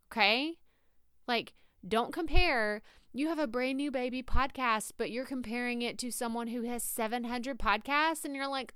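A woman's voice: on the high side, lively intonation, normal speed, fairly bright tone, smooth, no echo, clean studio sound. A woman with a Texas drawl hosting a solo podcast, giving chatty, direct tough-love advice to listeners she calls y'all. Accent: Texan Southern. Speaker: podcast host.

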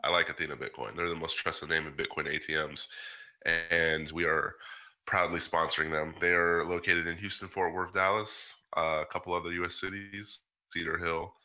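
A man's voice: low voice, steady tone, normal speed, pushed and bright. A man hosting a podcast, reading sponsor ads in a breezy, joking way. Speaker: podcast host. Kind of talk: casual chat and ad reads.

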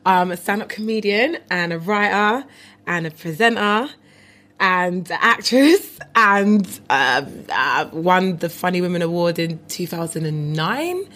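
A woman's voice: fairly low pitch, expressive, measured pace, fairly bright tone. A woman in her twenties, a comedian guest, introducing herself with playful, self-mocking boasts. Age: 20s. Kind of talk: casual interview chat.

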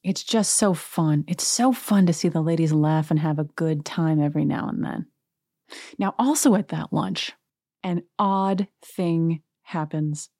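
A woman's voice: low-pitched, a little slow, mellow, dry recording, clean studio sound. A woman hosting a podcast, recapping reality TV in a chatty, gossipy, wry way. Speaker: podcast host.

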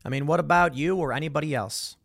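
A man hosting an opinion commentary show, talking in a sarcastic, mocking and animated way about a video. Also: a little high, quick pace, vocal fry, dry recording, clean studio sound.

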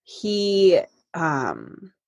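A woman hosting a casual podcast conversation. Her voice is lower than most and a little husky, recorded close and dry. She talks in an easy, chatty way and keeps the talk going with murmurs of agreement. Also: huge pitch swings, extremely slow, no room sound. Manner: warmly responsive, frequent affirming murmurs and laughs. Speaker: podcast host.

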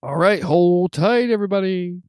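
A podcast co-host with a high-sitting voice chats casually at a moderate pace while tasting drinks. He is enthusiastic and rambling, restarts his sentences, and keeps hiccuping.

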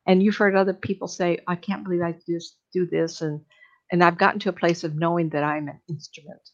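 A woman's voice: fairly low pitch, level tone, brisk, lo-fi sound. A middle-aged woman, a psychic medium, telling stories in casual chat, laughing often and acting out voices.

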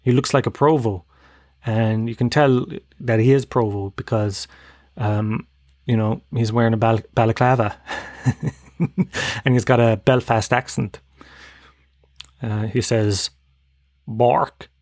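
A man's voice: mid-range voice, steady tone, measured pace, pauses often, a little mellow, dry recording. Rambling Kerry Irish man, dry sound. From Ireland (Tralee, Kerry). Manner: rambling, sweary, laughing at his own jokes. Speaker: podcast host. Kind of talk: comic monologue.

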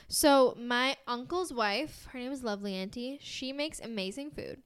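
She is a young American woman co-hosting a chatty podcast, her voice sitting a little high. She rambles along with plenty of fillers and breaks into giggles. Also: measured pace, hardly any pauses, fairly bright tone, smooth. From United States. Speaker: podcast co-host. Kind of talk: casual chat.

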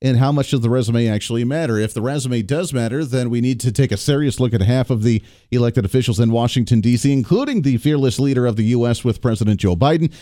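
An American man hosts a political talk radio show in a mellow, warm tone. He argues in an animated, sarcastic way and mocks quotes with put-on voices. The sound is close and dry. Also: mid-range voice, quick pace, hardly any pauses, dry recording.

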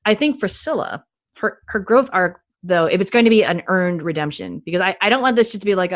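A woman co-hosting a podcast, chatting enthusiastically with many quick restarts. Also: medium pitch, very animated, dry recording, studio quality. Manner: enthusiastic, gushing, frequent restarts. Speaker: podcast co-host. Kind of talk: casual podcast chat.

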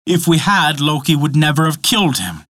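Odin the old god, smooth and airy, talking his way out, storyteller man doing him a bit higher, dry close sound. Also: sing-song, a bit bright, no room sound. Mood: calm. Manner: airy, measured pleading.

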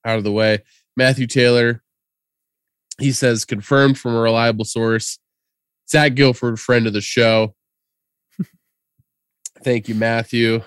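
A man's voice: mid-range voice, steady tone, slow pace, long pauses, a bit bright, clean tone, no echo, studio quality. A man co-hosting a podcast, chatting casually and reading listener tweets in a loose, jokey way. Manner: loose and jokey, laughs often. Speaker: podcast co-host.

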